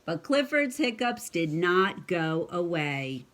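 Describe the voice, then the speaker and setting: Mom reading a kids book out loud, chatty little asides, slow and very sing-song. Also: female voice, lowish voice, very animated. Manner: chatty asides, playful hiccup noises. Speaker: parent reading aloud to a child. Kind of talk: casual storybook read-aloud.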